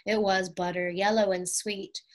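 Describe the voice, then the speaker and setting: A woman reading a classic children's chapter book aloud in a gentle, unhurried storytelling manner. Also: medium pitch, flat delivery. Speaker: audiobook reader.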